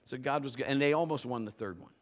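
A middle-aged man, a pastor, preaching a conversational sermon and telling stories in an animated way. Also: medium pitch, quick pace. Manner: animated, conversational, acts out quoted voices. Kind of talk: storytelling sermon.

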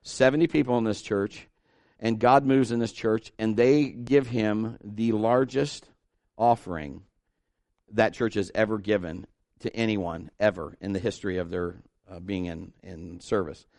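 A middle-aged man preaching a sermon, telling a story and acting out the people in it, swinging between loud and hushed. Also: lowish voice, measured pace, creaky, dry recording, studio quality. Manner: animated, acts out dialogue, shifts between loud and hushed.

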